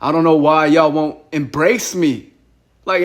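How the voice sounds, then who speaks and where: A man's voice: on the high side, fairly even intonation, measured pace. A young man on a phone call, agitated and rambling, who often repeats himself. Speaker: caller.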